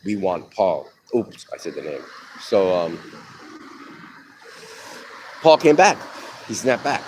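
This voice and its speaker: A middle-aged man with a deep, low voice tells a personal story live, candid and rambling, swearing freely. He is outdoors by a street, speaking into a phone, and passing vehicles rumble clearly behind him. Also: very animated, slow pace, darkish tone, low-quality recording.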